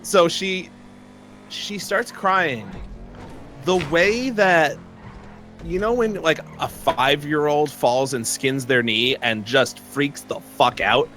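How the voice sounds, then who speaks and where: A man's voice: on the high side, slow pace, fairly bright tone, soft background music. A young man telling a long personal story in casual chat, rambling with many fillers and frequent laughs.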